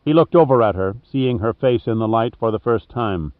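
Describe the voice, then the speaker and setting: A man reading an adventure novel aloud as scripted narration, in a steady, even storytelling manner. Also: fairly low pitch, moderate pace, no echo. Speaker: audiobook narrator. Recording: dry, tinny phone-like sound.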